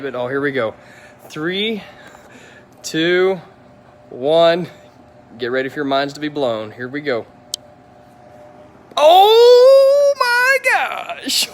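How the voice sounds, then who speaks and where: A fairly high-voiced man walks around cars outdoors, talking to his phone. He gushes with wild excitement and says the same exclamations over and over. He talks straight to his viewers as he shows off his own detailing work. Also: a little hiss or hum. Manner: wildly excited, gushing, repeats exclamations. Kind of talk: live-streamed car reveal vlog. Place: outdoors beside parked cars.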